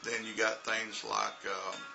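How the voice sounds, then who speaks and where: A man's voice: fairly low pitch, level tone, slow, creaky, low-quality recording. A middle-aged American man talking casually as an English teacher in a vlog, demonstrating pronunciation with spoken examples. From United States. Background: background music.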